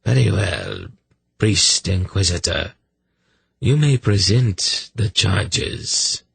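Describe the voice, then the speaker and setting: A sinister, hollow-voiced old high priest speaks slowly and without feeling, put on by a male narrator. His voice sits low and gravelly, with a husky edge. He sounds dry and close. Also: wildly swooping pitch, fairly bright tone, no echo, exaggerated voice. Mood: cold commanding. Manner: cold, non-committal, slow and commanding.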